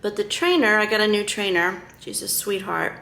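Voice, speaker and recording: A woman talking casually to camera in a vlog, halting, with many fillers and restarts. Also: medium pitch, vocal fry, fairly bright tone. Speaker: vlogger. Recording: echoey room with faint noise.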